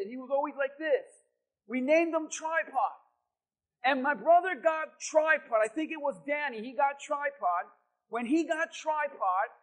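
A man from Hialeah, Florida, preaching in church and telling an animated story. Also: very high-pitched, low-quality recording. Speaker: pastor. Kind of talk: sermon storytelling.

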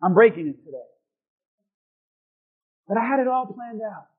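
A man's voice: high voice, expressive, moderate pace, phone-quality sound. A man preaching as a pastor, telling a personal story and calling for responses from the congregation. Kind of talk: sermon.

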